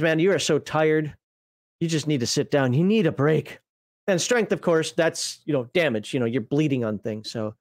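A game master talks through a game's rules in an easygoing livestream chat. The delivery wanders, doubles back to fix details and drops offhand jokes along the way. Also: mid-range voice. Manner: rambling, self-correcting, conversational; folksy, jokey asides. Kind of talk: casual livestream rules walkthrough.

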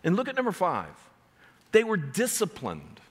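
A man's voice: high-pitched, huge pitch swings, moderate pace, husky, long reverb tail. A man preaching a sermon as pastor, driving home numbered points with rising emphasis. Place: church sanctuary.

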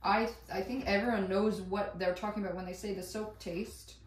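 A woman chatting while she cooks at home, rambling and excitable, swearing casually and laughing as she goes. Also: medium pitch, moderate pace, slight background noise. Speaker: vlogger. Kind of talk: casual cooking vlog chat. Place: home kitchen. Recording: echoey room, voice a bit far from mic.

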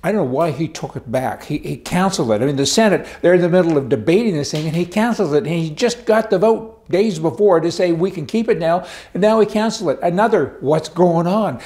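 Indignant rambling man, slightly high voice. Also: a little mellow. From Canada. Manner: indignant, rambling, repeats himself with stammers. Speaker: political commentary host. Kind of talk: rambling opinion monologue.

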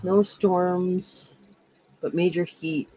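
Slow, low-voiced woman calling a live auction. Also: steady tone, warm tone, a little hiss or hum, rough recording. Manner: reads viewer comments aloud and calls bids. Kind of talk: live-stream auction chat.

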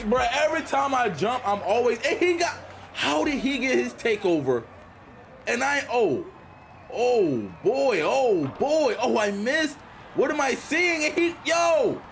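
A man's voice: sits high, vocal fry. Hyped young man trash-talking over gameplay. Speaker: gaming YouTuber. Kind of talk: casual gameplay commentary.

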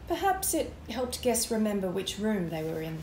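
A woman reading a calm, grave older grandfather who gives gentle warnings. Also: medium pitch, normal speed, reverberant, slight background noise, natural voice. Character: kindly older grandfather, a former magician.

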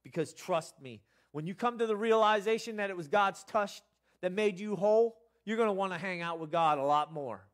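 Earnest man preaching with swings in volume. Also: normal speed. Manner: earnest, rising to emphatic bursts then dropping low. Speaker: pastor. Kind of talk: sermon.

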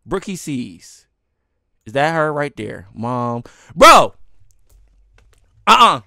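A man's voice: medium pitch, lively intonation, slow pace, gravelly, no room sound, clean studio sound. A man ranting live as a streamer, heated and swearing, with laughs breaking in between lines.

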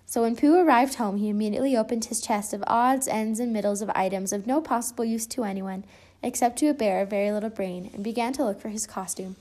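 A woman's voice: fairly high pitch, fast, a little mellow. Woman reading a children's storybook aloud. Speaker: storybook reader.

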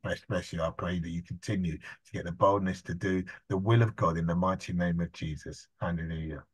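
A man's voice: low-pitched, steady tone, a little fast, husky. A man leading a congregation in fervent spontaneous prayer, with a repetitive, listing cadence and frequent hallelujahs. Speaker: church leader leading prayer.

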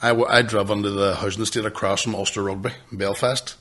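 A man's voice: lowish voice, flat delivery, fast talker, a bit bright. A young man, co-hosting a podcast with sweary, laughing banter and stories. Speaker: podcast co-host. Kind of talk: casual storytelling chat.

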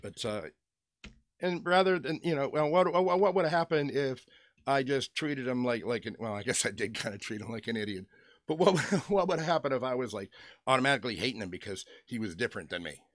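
Middle-aged man, rambling vlog storyteller, joking and chuckling, mid-pitched voice, dry close sound. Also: lively intonation, a little fast, dry recording. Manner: chatty, joking, chuckles between stories. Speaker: toy customizer vlogger. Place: at home with his dog nearby.

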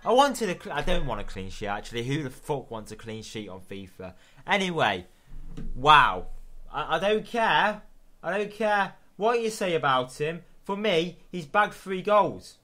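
Excitable young British gamer, swearing. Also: male voice, on the high side, a little slow, faint music behind. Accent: British English. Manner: excitable, swearing, shouting at the ref. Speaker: gaming video host. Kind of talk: live gameplay commentary.

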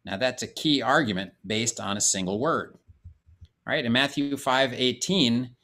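A man giving a measured, explanatory Bible course lecture, reading passages aloud and explaining them. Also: mid-range voice, sharp tone. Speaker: Bible teacher. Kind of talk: classroom lecture on scripture.

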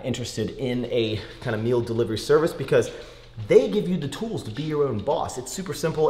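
A man's voice: medium pitch, reverberant. A young man vlogging casually, rambling with lots of fillers and breaking into a sponsor read.

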